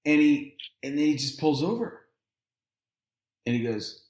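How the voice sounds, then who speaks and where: A man's voice: a little high, expressive, measured pace, a little mellow, echoey room. A man telling a long story as a podcast guest, acting out the quoted lines and laughing often. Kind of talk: casual storytelling.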